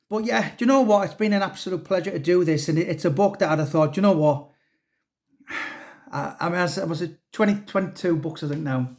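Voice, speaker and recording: A man with a somewhat high voice chats in a loose, rambling way. He restarts his sentences often and tacks on fillers as he goes. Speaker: author. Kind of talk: casual chat.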